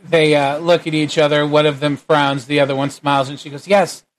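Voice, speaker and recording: A man narrating a tabletop game as game master, relaxed, with frequent hesitant fillers. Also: on the high side, brisk.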